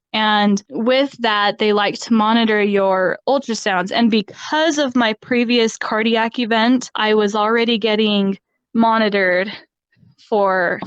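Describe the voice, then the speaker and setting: A woman recounting her pregnancy experiences in an interview, candid and quick to laugh between phrases. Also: medium pitch, clean tone, no room sound. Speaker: podcast guest. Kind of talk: personal story in an interview. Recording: slightly dull dry sound.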